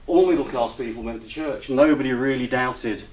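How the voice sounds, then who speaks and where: A man giving a slide presentation to an audience, hesitant with many ums, relaxed and gently humorous. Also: medium pitch, moderate pace. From United Kingdom. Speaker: lecturer. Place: retreat lecture room with audience. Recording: roomy echo, distant mic, faint hiss.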